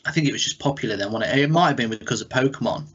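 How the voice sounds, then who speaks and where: A man's voice: medium pitch, racing, a bit bright, slightly rough. A man with an English accent, co-hosting a podcast in casual, rambling chat full of fillers. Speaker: podcast co-host. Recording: dull lo-fi podcast audio.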